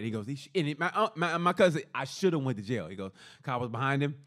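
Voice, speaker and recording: A man's voice: medium pitch, expressive, quick pace, fairly bright tone. A man co-hosting a podcast, telling a story in casual chat and acting out each person's lines as quoted dialogue. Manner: acts out both sides of a story in quoted dialogue. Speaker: podcast co-host.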